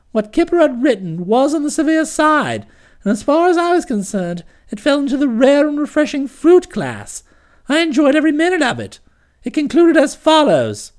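A woman narrating a comic novel as an audiobook, with expressive, lively storytelling. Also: high-pitched.

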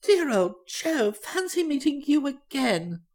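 A reader voicing an elderly aunt, a former stage performer with a grand manner, speaking slowly and quietly. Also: sits high, big pitch swings, pitched above the performer's own voice, exaggerated voice. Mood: tender.

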